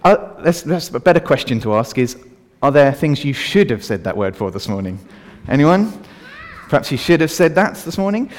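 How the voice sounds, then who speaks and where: A man's voice: a little high, normal speed. A man preaching an all-age sermon, asking the congregation questions and leading a prayer. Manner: animated, asks the congregation questions. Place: church hall. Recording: reverberant church hall.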